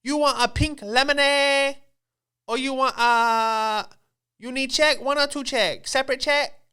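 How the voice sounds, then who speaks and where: A man voicing a female waitress who puts on a fake accent, speaking high and clipped in short, sing-song questions. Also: fairly even intonation, unhurried, pushed and bright, clear, resonant tone, exaggerated voice. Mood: chirpy. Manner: short broken questions to diners.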